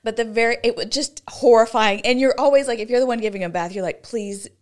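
Woman, podcast co-host, fairly high voice, chatty and quick to laugh. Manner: chatty, laughs through stories. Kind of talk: casual podcast chat.

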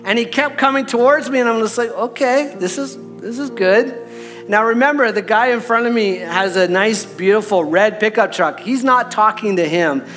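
A man's voice: high voice, a little fast, few pauses, fairly bright tone, soft background music. A middle-aged man preaching as a pastor, telling a personal story in a conversational way and checking in with the audience. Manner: conversational, repeats "right?" to the audience.

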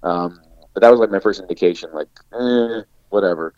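This actor, a guest on a podcast, tells a lengthy story in a lively, casual way, leaning heavily on "like" as a filler. His voice is low and his delivery brisk, captured in a dull, dry, lo-fi recording.

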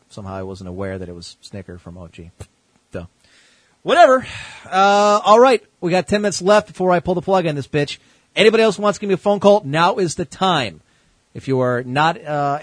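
A male host running a casual internet call-in show, chatting loosely and cracking crude jokes. His voice sits slightly high for a man and sounds very dry and close. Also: no room sound, low-quality recording. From United States. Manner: laid-back, joking, crude.

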